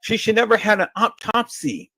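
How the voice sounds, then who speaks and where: A man's voice: sits high, very animated, moderate pace, bright, forceful tone, no room sound. A man hosting a livestream and answering viewer questions, emphatic and insistent, often stammering and repeating words. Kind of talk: heated livestream talk.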